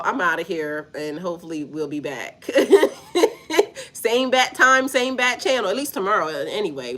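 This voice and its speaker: Her voice sits fairly low with a touch of brightness. This spiritual reader chats casually on her livestream, cursing freely, laughing often, and speaking straight to the chat in a slangy, repetitive way.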